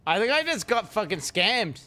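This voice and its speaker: A man's voice: high-pitched, big pitch swings, normal speed, bright, forceful tone. A man in his thirties streaming a game and chatting loosely with his viewers, swearing constantly and joking around. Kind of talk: casual live-stream chat.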